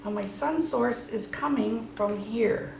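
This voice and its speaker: Slow and a little high, this instructor's voice is creaky with a touch of mellowness. She paints a watercolor demonstration while chatting enthusiastically, in an echoey room with faint noise.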